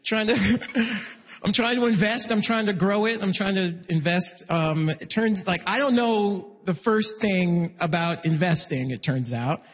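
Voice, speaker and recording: A man doing a stand-up comedy set, self-mocking and animated, jumping into loud acted-out bits. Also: measured pace. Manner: animated, self-mocking, jumps into loud high act-outs. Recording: long reverb of a hall.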